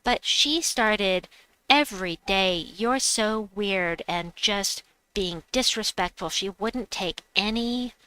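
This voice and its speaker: Bright, clear-voiced woman streamer. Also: medium pitch, slow pace, no room sound, rough recording. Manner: personal storytelling, reading chat aloud. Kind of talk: casual chat.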